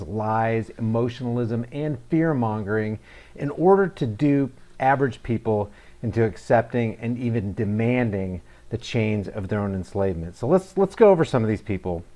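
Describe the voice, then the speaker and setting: A man's voice: mid-range voice, darkish tone. Man giving scornful, emphatic commentary. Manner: mocking, emphatic, with scornful asides. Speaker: reaction video host. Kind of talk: sarcastic political commentary.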